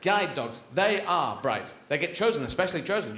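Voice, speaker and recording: A man's voice: on the high side, very animated, a little fast, hardly any pauses, heavy background noise. A man from England doing rambling, surreal stand-up comedy on a large theatre stage. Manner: rambling, surreal, acting out voices. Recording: echoey theatre with loud audience.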